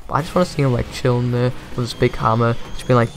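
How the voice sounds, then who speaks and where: A man's voice: mid-range voice, steady tone, fast, vocal fry, soft background music. A young man giving jokey, rambling commentary on a video game reveal as a gaming YouTuber.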